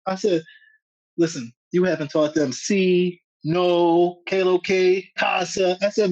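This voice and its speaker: A male comedian appears as a podcast guest, his voice high-pitched and a bit slow on a dry, lo-fi recording. He's an animated storyteller in casual chat, acting out quotes in street slang.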